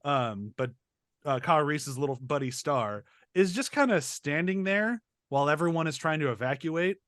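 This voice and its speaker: A man hosts a laid-back film discussion, telling stories with energy and acting out quotes. His voice sits a bit high, and the sound is dry, with no room echo. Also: normal speed. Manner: animated storyteller, acts out quotes with laughs. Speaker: podcast host. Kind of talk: casual movie review chat.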